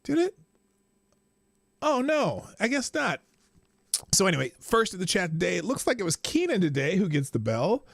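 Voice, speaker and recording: A man's voice: sits high, wildly swooping pitch, normal speed, vocal fry, long pauses, fairly bright tone, no echo, clean studio sound. Chatty man hosting a live stream. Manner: rambling, chatty, greets viewers by name. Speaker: livestream host. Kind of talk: casual live-stream chat.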